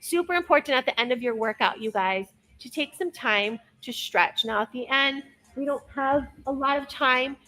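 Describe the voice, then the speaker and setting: A woman's voice: sits high, moderate pace, sharp tone, faint music behind, low-quality recording. A young woman coaching a workout class, upbeat and encouraging as she counts down each interval. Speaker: fitness instructor.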